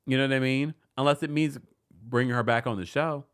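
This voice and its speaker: A man's voice: mid-range voice, fairly quick, smooth. A man hosting a live call-in stream, reading viewer messages aloud and laughing often. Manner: animated, laughs often, reads super chats aloud. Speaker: host.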